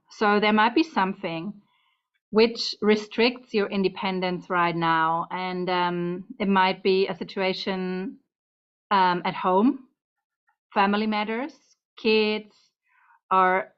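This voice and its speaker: A woman's voice: mid-range voice, smooth. A woman giving a casual tarot reading to camera at home, chatty and meandering, slightly out of breath. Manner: chatty, meandering, talks to her cat between points. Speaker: tarot reader. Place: home room. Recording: dull lo-fi sound.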